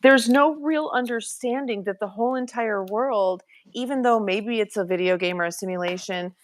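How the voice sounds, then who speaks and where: A woman's voice: fairly high pitch, moderate pace. A woman guest in a casual live-stream chat who talks emphatically, often exclaiming her agreement.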